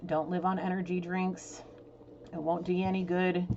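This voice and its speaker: Woman, lower voice, casual tarot reading, exasperated and blunt, muffled lo-fi sound. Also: level tone, moderate pace, dark tone. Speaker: tarot reader. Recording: dull lo-fi sound with clear noise.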